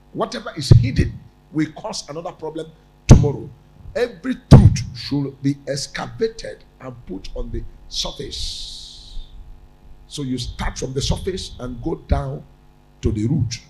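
A man's voice: on the high side, darkish tone, poor audio. Emphatic preaching man, faint hum. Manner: emphatic repetition with stammered restarts. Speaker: prophet preaching. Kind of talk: sermon.

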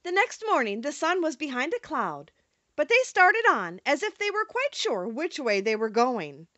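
A woman narrating a storybook audiobook in an expressive reading manner. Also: high-pitched, moderate pace, no echo, lo-fi sound.

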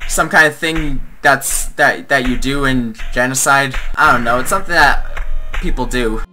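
A man commenting on a video game as he plays, halting and reactive, with lots of fillers. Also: medium pitch, pushed and bright. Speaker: gamer. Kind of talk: let's play commentary. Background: game music.

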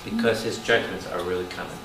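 A man, a priest, preaching a Bible study to a congregation, animated and calling out questions to the room. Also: low voice, fast. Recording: roomy hall taped from a distance with noise.

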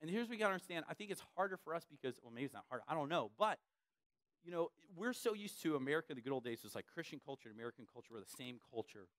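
Animated young male preacher telling stories. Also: on the high side, very fast, no echo, studio quality. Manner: animated storytelling, acts out voices, laughs along. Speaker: pastor. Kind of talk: sermon with storytelling. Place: church.

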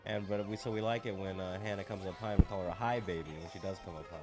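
A man chatting in a relaxed, halting way with his partner while playing a video game. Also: low voice, over music. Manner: laid-back, hesitant, lots of ums and dry asides. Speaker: co-host.

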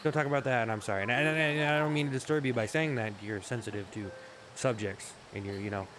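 A man's voice: on the low side, fast, a bit bright, a little hiss or hum. A man rambling through a comedic monologue, often cutting himself off, swearing and joking. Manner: rambling, self-interrupting, swears often, jokey. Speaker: comedy vlogger.

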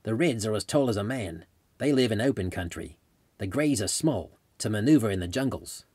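A man voicing an older male Australian kangaroo feeder with an Australian accent, giving gentle, patient instructions. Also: lowish voice, animated, moderate pace, breathy edge, no room sound. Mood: calm instructive.

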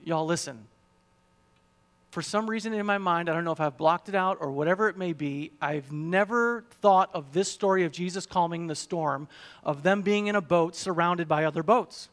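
A man's voice: on the high side, normal speed, a bit bright. A male pastor, preaching a sermon full of rhetorical questions and rising emphasis.

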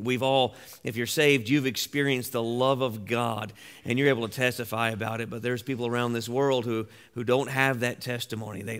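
A man's voice: mid-range voice, fairly bright tone, clear, resonant tone. A man pastor giving informal remarks in a church service, telling a story in a conversational way with frequent fillers. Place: church sanctuary.

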